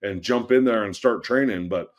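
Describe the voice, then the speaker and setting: A man co-hosting a podcast in casual chat who runs a wrestling school, measured and often checking in with his partner. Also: lowish voice.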